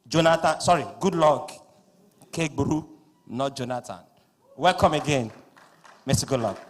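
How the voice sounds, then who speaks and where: A man with a Nigerian accent acting as master of ceremonies at a live conference, loud and playful, slipping into pidgin asides. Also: a little high, normal speed. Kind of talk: live event hosting. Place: large conference hall. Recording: echoing hall through PA.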